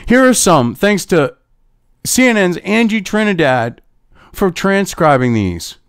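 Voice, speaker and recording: A man's voice: high voice, sing-song, a little slow, clean tone, dry recording, clean studio sound. A man hosting political commentary, reading through an article and ranting with profanity and sarcasm.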